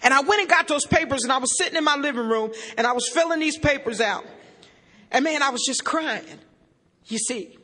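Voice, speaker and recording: A woman's voice: high voice, a little fast, pushed and bright. A woman speaking at a recovery meeting, telling her own story with folksy, self-mocking humor and addressing the crowd directly. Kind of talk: humorous personal testimony to a crowd. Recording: long reverb of a large hall.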